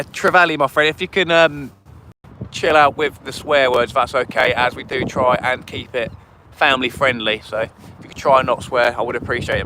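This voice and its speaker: A young man hosts a fishing livestream from a riverside, talking casually and eagerly thanking viewers. His voice is bright and forward. Traffic hums faintly outdoors behind him. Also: on the high side. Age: 20s.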